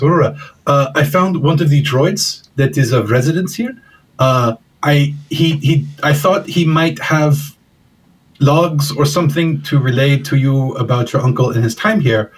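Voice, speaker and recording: A man voicing a talkative, eager male crewmate in a tabletop role-play, rambling and excitable. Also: mid-range voice, distant mic, low-quality recording.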